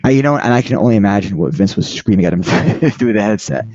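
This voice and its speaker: Male podcast host, low mellow voice with a lively pitch, halting and rambling, dry lo-fi sound. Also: no room sound. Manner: halting, rambling, frequent restarts. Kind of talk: casual chat.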